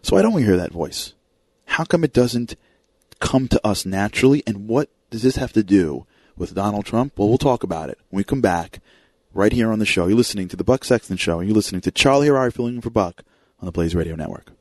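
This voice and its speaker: A man's voice: fairly low pitch, lively intonation, a little fast, dry recording. A man filling in as a radio host, telling a story and acting out the voices of the people in it. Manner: storytelling, acts out quoted voices. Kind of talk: talk radio monologue.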